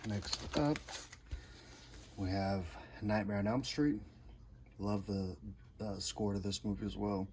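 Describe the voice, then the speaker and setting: Showing off his record collection, a man makes brief, easygoing, repetitive comments full of enthusiasm. He has a lowish, steady voice, takes it slowly and pauses often, and the recording carries noticeable background noise.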